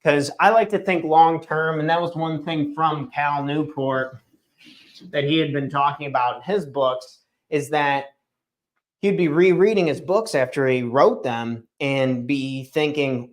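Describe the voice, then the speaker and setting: A man's voice: fairly high pitch, measured pace. A man hosting a daily morning livestream, talking casually and earnestly, often restarting and correcting himself. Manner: rambling, self-correcting, earnest. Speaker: host of a daily morning show. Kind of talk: casual solo livestream talk. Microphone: streaming setup microphone.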